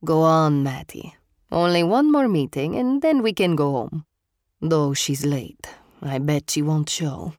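An elegant older grandmother with a thick foreign accent, played by a woman narrating an audiobook. She speaks softly and fondly, with a stern edge. Her voice is low and sits close in a dry space. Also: lively intonation, a little slow, dry recording. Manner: soft-spoken, accented. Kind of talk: audiobook character voicing.

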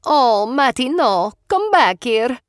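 An elegant older grandmother with a thick foreign accent, played by a woman narrating an audiobook. She speaks softly and fondly, with a stern edge. Her voice is low and sits close in a dry space. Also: expressive, unhurried, dry recording. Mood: alarmed. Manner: soft-spoken, accented. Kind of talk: audiobook character voicing.

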